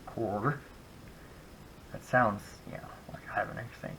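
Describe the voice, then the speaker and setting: A man's voice: lowish voice, quick pace, sharp tone, in a whisper, low-quality recording. A man from Colorado hosting a casual crafting tutorial at home, chatting in rambling asides while he works. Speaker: craft channel host.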